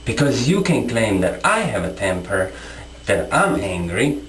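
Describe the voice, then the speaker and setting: Male vlogger, combative rant to camera, lively swinging pitch, echoey room. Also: unhurried, slight background noise. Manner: confrontational, repetitive, rhetorical questions. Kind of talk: impassioned monologue to camera.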